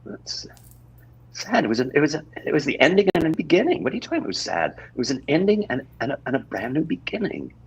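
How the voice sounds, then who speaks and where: A flustered, pleading married father, played by a man, who stammers and repeats himself. His voice is very husky and gravelly, and his pitch leaps up and down constantly as he improvises on stage. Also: sing-song, fast talker, lo-fi sound, exaggerated voice. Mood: frantic. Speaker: improv performer. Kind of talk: improv scene acting. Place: theater stage.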